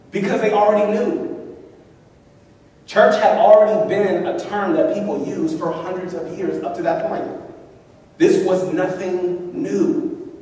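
Preaching with emphasis, a male pastor acts out quotes and calls on the congregation to answer him back. His voice sits high but has a darkish tone. Recorded from afar in a church hall, the sound is echoey.

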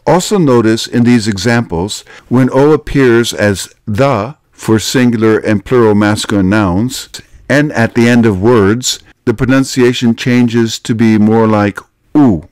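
A man's voice: medium pitch, a little mellow, no echo. A man giving scripted, explanatory narration for a language lesson video. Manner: explanatory, measured.

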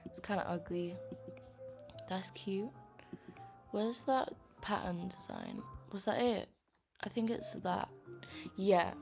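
A young woman chatting casually while she plays a dress-up game, with many fillers and quiet murmured asides. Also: mid-range voice, gravelly. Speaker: gaming vlogger. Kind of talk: casual gameplay commentary.

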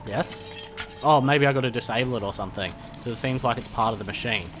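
A man's voice: medium pitch, quick pace, over music. A man giving chatty, jokey commentary while playing a game. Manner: chatty, jokey, nervous muttering. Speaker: gameplay commentator. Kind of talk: casual let's-play commentary.

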